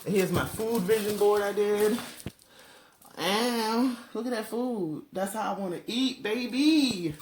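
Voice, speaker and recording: A talkative woman filming a relaxed home vlog, chatting straight to her viewers as she moves through her townhouse. Her voice sits at an everyday middle pitch, with a faint hiss beneath it. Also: slow pace. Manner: talkative, addresses viewers directly. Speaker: vlogger.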